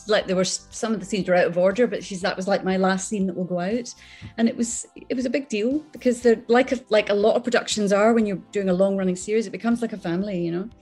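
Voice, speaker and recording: Chatty Scottish actress with a laugh. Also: female voice, mid-range voice. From born in England, raised on Islay, Scotland. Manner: chatty, laughs often, animated storytelling. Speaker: actress, interview guest. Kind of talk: casual chat.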